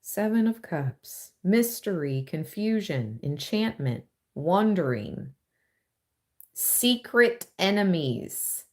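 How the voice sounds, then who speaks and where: A woman giving a casual live-stream tarot reading, chatty and thinking aloud with drawn-out phrases. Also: lowish voice, sing-song, a little mellow. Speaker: tarot reader.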